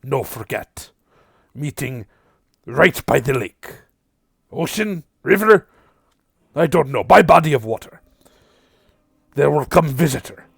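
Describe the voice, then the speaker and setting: A man voicing a small, spiky, muscular male creature messenger who speaks slow, broken English. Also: mid-range voice, animated, gravelly, breathy edge, no room sound, clean studio sound, full character voice. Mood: deliberate.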